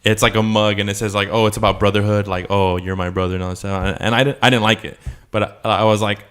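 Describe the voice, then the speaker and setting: A young man co-hosting a podcast rambles through a long childhood story in casual chat, full of fillers and laughter. His voice is lowish, a bit bright and clean, with a level tone and a quick pace.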